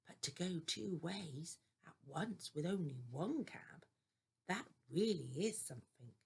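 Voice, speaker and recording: An older woman voicing a teasing male engine who whispers in a hushed, sly way from a storybook. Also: on the low side, expressive, unhurried, gravelly, breathy edge, full character voice.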